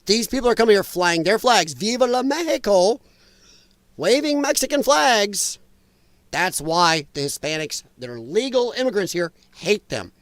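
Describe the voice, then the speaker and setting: A man hosting a live talk stream, chatting casually and bluntly as he reads and answers viewer comments, animated and quick to laugh. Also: sits high, dry recording. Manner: animated, blunt and opinionated, laughs and talks back to chat. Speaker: livestream talk show host.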